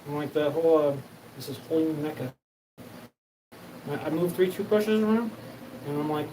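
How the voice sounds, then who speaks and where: A man's voice: fairly high pitch, a little fast, long pauses. Rambling profane man over background noise. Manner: profane, rambling, acts out quoted exchanges. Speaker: host. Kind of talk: rambling solo monologue.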